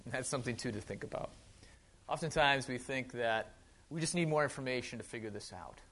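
A man's voice: mid-range voice, fairly quick, fairly bright tone. A man with a Wisconsin accent giving a casual sermon, chatty with joking asides and frequent restarts. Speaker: pastor.

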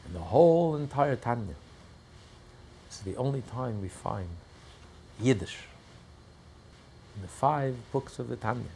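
A man teaching a class on a religious text, telling stories in an animated way and breaking into loud cries when he acts out quotes. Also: medium pitch, measured pace, creaky, pauses often, a little hiss or hum. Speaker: Torah teacher.

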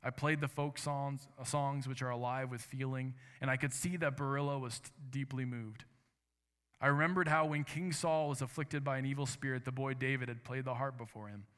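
A man preaching a sermon, reading a story aloud in an earnest, measured way and voicing its quoted lines with drama. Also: medium pitch, steady tone, fairly bright tone, clear, resonant tone, long reverb tail. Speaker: pastor.

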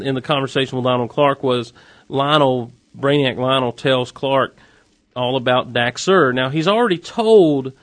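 Guy with a mid-pitched voice rambling through a show recap, dry close sound, lots of wry asides. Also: dry recording. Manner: chatty, animated, wry asides. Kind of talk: casual TV episode recap.

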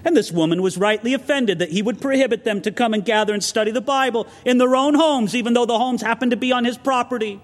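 A man's voice: very high voice, fast, few pauses. A man preaching an expository sermon as pastor, earnest and preacherly, telling stories with asides. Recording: long reverb of a large hall.

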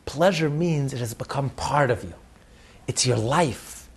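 Husky-voiced man teaching a religious text. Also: mid-range voice, unhurried. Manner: repeats words, laughs often, lively storyteller.

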